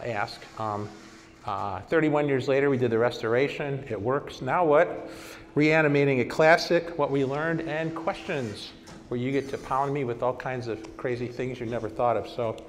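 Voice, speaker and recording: Older man, conference talk, storytelling, mid-pitched, long hall echo. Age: 60s. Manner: lively anecdotes, acting out past conversations. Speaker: conference speaker. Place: hall at a vintage computer festival.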